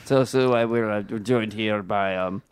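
A man's voice: on the low side, normal speed, smooth. A man hosting a casual comedy chat in a teasing, mocking manner. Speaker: podcast host.

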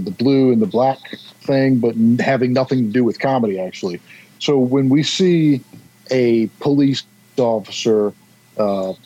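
A man's voice: mid-range voice, dark tone, husky, muffled recording. A man in a casual panel discussion who cracks jokes and asks questions.

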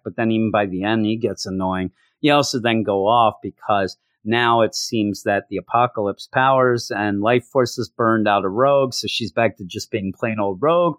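A man casually reviewing a comic, joking and acting out characters' lines in quick voices. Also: fairly low pitch, dry recording, clean studio sound. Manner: animated, jokey, acts out characters in quick voices. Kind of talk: casual solo review chat.

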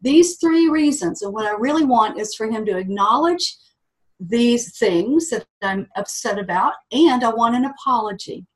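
A woman's voice: on the high side, expressive, normal speed, close to an everyday voice, poor audio. A woman voicing a proud male show horse who is angry with his owner, speaking in an earnest, aggrieved way.

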